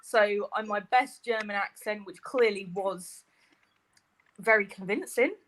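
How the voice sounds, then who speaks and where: A woman on a video call telling a story in a lively, laughing way. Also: mid-range voice, unhurried, a little hiss or hum. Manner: animated, laughs while telling stories. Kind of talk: casual storytelling.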